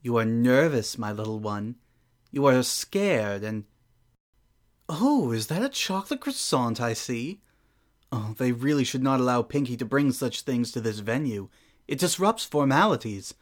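A man's voice: mid-range voice, big pitch swings, unhurried. A man voicing Princess Celestia, regal and amused. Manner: refined, formal, dryly amused inner monologue. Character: regal ancient female sun princess, poised and playful. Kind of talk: fan audio drama monologue.

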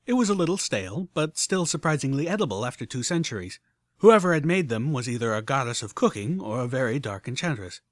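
A man narrating a story in the first person with expressive, animated delivery. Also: medium pitch, fast, no room sound, studio quality. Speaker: audiobook narrator.

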